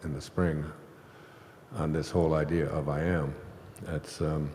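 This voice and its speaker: A man's voice: very deep voice, flat delivery, measured pace, mellow, a little hiss or hum. A man telling a long, rambling spiritual story on stage to a live audience, laughing now and then. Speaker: host. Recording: echoey hall.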